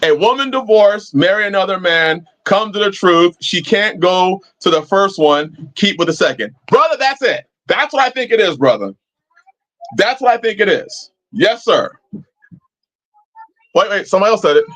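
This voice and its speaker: A man's voice: sits high, animated, moderate pace, fairly bright tone. A man hosting a live-chat stream, talking casually and preachily, swearing freely as he answers viewers. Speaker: livestream host.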